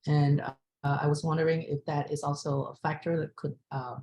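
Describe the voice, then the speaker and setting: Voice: medium pitch, level tone, normal speed, mellow, low-quality recording. An audience member asking a long, hesitant question with many fillers and repeated words.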